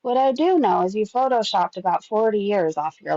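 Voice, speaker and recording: A woman's voice: medium pitch, sing-song, a little slow, no room sound, lo-fi sound. A woman hosting a casual gossip commentary, chatty and swearing with frequent laughs.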